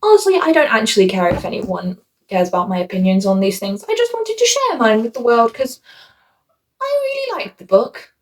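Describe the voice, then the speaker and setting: A woman's voice: a little high, big pitch swings, brisk, a little hiss or hum. A woman reviewing a book on her vlog in a chatty, rambling, self-mocking way, shifting her voice for quoted asides.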